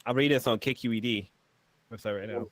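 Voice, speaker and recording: A man's voice: mid-range voice, fairly even intonation, fast, no echo. Wry chuckling man, dry sound. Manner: wry, chuckling, reads facts aloud. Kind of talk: casual livestream chat.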